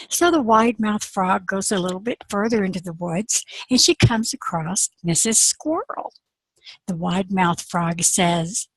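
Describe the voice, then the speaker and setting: A woman's voice: mid-range voice, measured pace, no echo, rough recording. A woman telling a folk tale in a chatty, conversational way, as if talking to a room of listeners. She takes her time over each line, and the sound is dry and close. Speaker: storyteller. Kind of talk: spoken storytelling talk.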